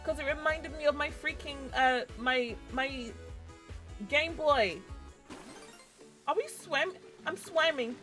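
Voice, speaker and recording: A young woman streaming a game live, chatting excitedly to the characters on screen and squealing whenever she gets startled. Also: high-pitched, slow, long pauses. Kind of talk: live gameplay commentary. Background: faint game music.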